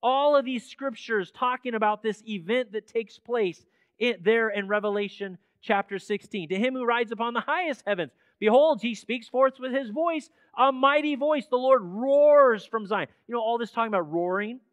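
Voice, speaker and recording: A man preaching a sermon in a church, swinging between hushed, slow passages and loud, emphatic ones. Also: very high-pitched, clear, resonant tone, no echo. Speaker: pastor. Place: church sanctuary.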